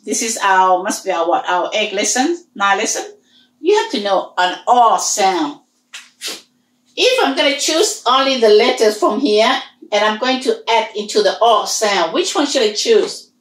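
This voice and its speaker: A woman's voice: medium pitch, lively intonation, measured pace. A woman whose first language is Hmong, teaching a language lesson and patiently repeating and drilling each sound. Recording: roomy echo.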